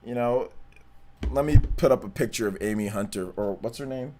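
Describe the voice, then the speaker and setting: A young man hosting a gaming livestream. He chats casually, reads out donations and viewer questions, and repeats himself in relaxed slang. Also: mid-range voice, a little fast. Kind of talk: casual live-stream chat, reading donations and chat.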